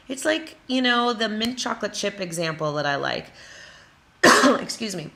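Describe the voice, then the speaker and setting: A woman's voice: lowish voice, pushed and bright. A woman from Wisconsin giving a motivational talk as a creative coach, stressing her points in repeated phrases with playful asides. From Wisconsin, USA.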